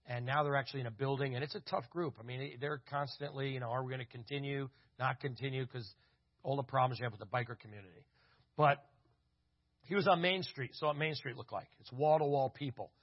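A man tells a story in a sermon, acting out what people said. His voice is husky and mid-pitched. The recording sounds dull and lo-fi. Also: a little fast. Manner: animated storyteller acting out dialogue. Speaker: conference speaker. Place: church. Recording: dull lo-fi audio.

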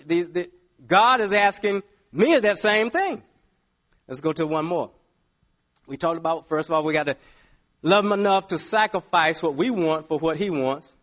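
Pastor guy preaching, slightly high voice, swings loud to whispery, dull old church tape. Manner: animated storytelling preacher, swings from loud to hushed. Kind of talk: sermon.

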